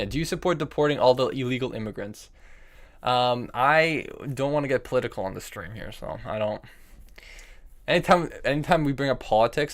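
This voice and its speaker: A young man live-streams chess from his desk, talking through his moves as he plays. He repeats phrases while he weighs options and breaks off to answer viewers in chat. His voice sits in a middle pitch and is picked up by a desk microphone. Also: a bit bright.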